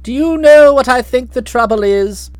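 A woman's voice: high voice, moderate pace, no room sound, lightly acted. A woman reading an audiobook, voicing a blustering, hearty middle-aged aunt who talks in bluff, slangy outbursts. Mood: grumbling. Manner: bluff, hot-tempered, slangy.

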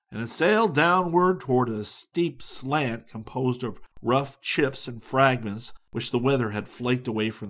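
A man narrating a humorous old travel tale in a mid-range voice. His reading is measured and steady, and his delivery stays dry and wry throughout. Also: mid-range voice. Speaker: audiobook narrator. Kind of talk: scripted narration.

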